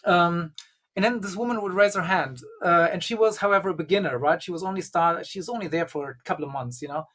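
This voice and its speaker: This high-sitting, fairly bright male voice belongs to a fast-talking guest, a Gnostic bishop. He's storytelling conversationally, rambling through a long anecdote packed with "you know" and "um."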